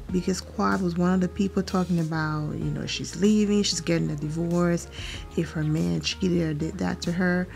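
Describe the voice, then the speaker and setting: A woman hosting a casual reality TV recap, animated and opinionated with quick asides. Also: lowish voice, vocal fry.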